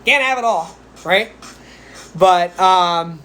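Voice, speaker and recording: A man's voice: sits high, slow pace, pushed and bright. A psychic man giving casual spiritual advice on a live stream, chatty and rambling, with playful asides. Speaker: psychic medium.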